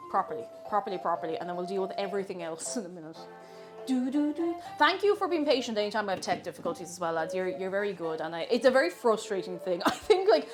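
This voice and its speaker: A young Irish woman streaming herself cooking, chatting casually and playfully with viewers, joking at her own expense and laughing often. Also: medium pitch. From Ireland.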